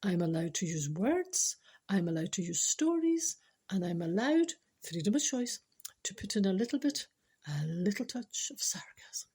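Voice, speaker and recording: Husky-voiced Scottish woman, wry storyteller. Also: medium pitch, sing-song, normal speed, dark tone. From Scotland. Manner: wry and sarcastic, with playful asides. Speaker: podcast host. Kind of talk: casual storytelling monologue.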